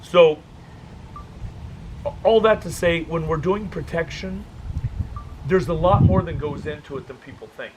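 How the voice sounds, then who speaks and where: Animated man telling stories at a dog-training workshop. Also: fairly high pitch, a little slow, pauses often, background noise. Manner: animated, joking storyteller. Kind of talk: casual workshop talk with anecdotes.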